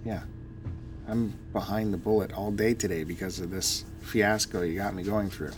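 A man's voice: fairly low pitch, steady tone, normal speed, a little hiss or hum. A man co-hosting a casual podcast, teasing and wry in his banter. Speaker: podcast co-host.

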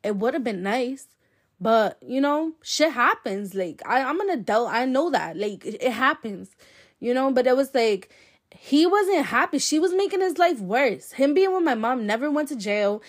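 A woman's voice: high voice, animated, normal speed. A young adult woman hosting a podcast, telling a personal story in a blunt, profane, chatty way full of fillers. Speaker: podcast host.

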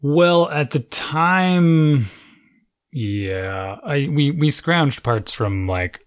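A man's voice: on the high side, expressive, extremely slow, clean tone. Wry man in casual chat. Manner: wry, sardonic remarks.

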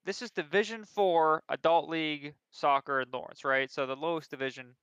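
A young man tells a self-deprecating story in a casual podcast chat, animated and quick to mock himself. His voice is bright, crisp and slightly high. The recording is dry and a bit dull, with a lo-fi edge. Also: no echo. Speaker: podcast co-host.

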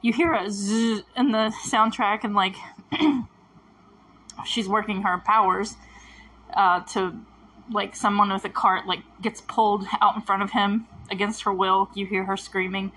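A woman's voice: medium pitch, fairly even intonation, a little slow, a bit bright, slight background noise. A woman giving a casual, emotional reaction commentary, rambling with sighs and stammered restarts. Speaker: show reviewer.

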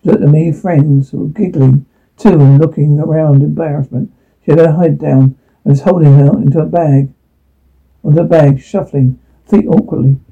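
A man reading a story aloud, halting and stumbling over words. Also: on the high side, fairly even intonation, gravelly, breathy edge. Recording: tinny phone-like line.

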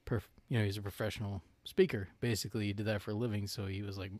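A man's voice: lowish voice, fairly even intonation, fast, a little mellow, dry recording. A man from North Carolina co-hosting a podcast in casual chat, rambling with lots of "like" and "you know" and laughing easily. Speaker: podcast co-host.

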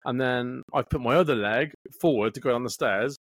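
A man's voice: mid-range voice, brisk, dry recording, studio quality. A man in his thirties, a podcast co-host telling a rambling, sweary story in casual chat. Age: 30s.

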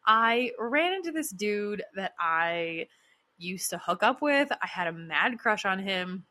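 A woman in her thirties tells casual stories in a chatty monologue, full of fillers and frequent laughter. Her medium-pitched voice is expressive and sharp-toned, and she takes it slowly.

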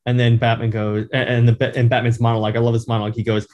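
A man's voice: medium pitch, flat delivery, a little mellow. A man rambling through a comic recap. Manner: enthusiastic, rambling, halting. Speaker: comic book reviewer. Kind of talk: casual plot recap.

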